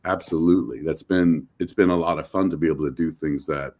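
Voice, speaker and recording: Middle-aged american guy with a super deep voice, chatty guest telling stories, keeps restarting sentences. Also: fast. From United States. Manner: animated storyteller, acts out quotes, many restarts. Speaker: actor guest. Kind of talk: casual interview storytelling.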